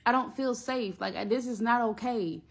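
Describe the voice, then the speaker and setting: A woman's voice: fairly high pitch, normal speed, creaky. A woman casually retelling a personal ordeal in a storytime vlog, blunt and profane, acting out the other people in it. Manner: blunt, profane, animated retelling with quoted voices.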